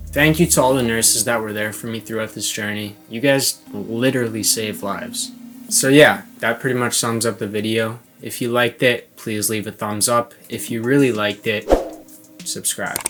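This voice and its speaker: A young man vlogging, telling an embarrassing story in a casual, animated way and laughing often, with guitar music playing behind. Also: fairly low pitch, moderate pace.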